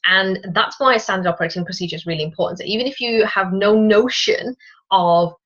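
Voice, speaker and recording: A woman in her thirties hosting a solo business podcast, talking straight to the listener in a chatty, lively way. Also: mid-range voice, brisk. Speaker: podcast host. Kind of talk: casual solo business talk. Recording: dull lo-fi recording.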